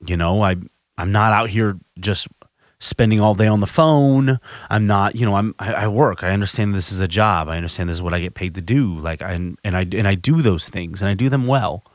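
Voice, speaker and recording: A man's voice: on the low side, brisk, no echo. A man hosting a podcast, telling a personal recovery story in a candid, self-reflective way, often restarting his sentences. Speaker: podcast host.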